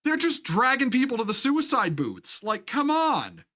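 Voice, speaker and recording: A man's voice: extremely high pitch, wildly swooping pitch, bright, forceful tone. Heated, profane man ranting. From United States. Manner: profane, heated, halting restarts. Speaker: live streamer. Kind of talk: ranting live stream commentary.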